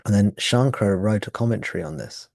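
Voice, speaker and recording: A man's voice: lowish voice, fast, creaky, darkish tone, no room sound, studio quality. A man teaching at a satsang, explaining ideas thoughtfully and often restarting his phrases. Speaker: spiritual teacher. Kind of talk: satsang talk.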